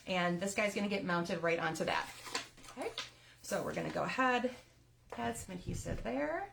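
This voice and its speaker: A woman with a gravelly edge to her voice talks viewers through a card-making project one step at a time. She chats casually as she works, laughing now and then at her own slips. A faint hiss sits under the recording. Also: medium pitch. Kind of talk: live crafting tutorial.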